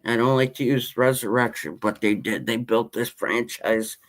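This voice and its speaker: A man's voice: medium pitch, moderate pace. Impassioned man in his fifties. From Western New York. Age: 50s. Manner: impassioned, rambling sports-fan rant. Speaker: podcast host. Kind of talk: casual chat.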